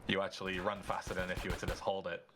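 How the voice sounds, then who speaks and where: A man chatting as co-commentator on a live speedrun stream, hesitant and full of fillers. His voice sits a bit low, and game music plays loudly behind him. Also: level tone, fast talker. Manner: rambling, hesitant, lots of fillers. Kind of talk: casual stream chat.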